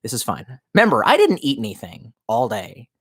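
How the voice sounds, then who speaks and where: A man's voice: medium pitch, huge pitch swings, a little fast, fairly bright tone, breathy edge. Profane, rambling man with a swooping voice. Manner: profane, rambling, tipsy with vodka. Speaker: streamer reading live chat. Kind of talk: casual rambling livestream chat.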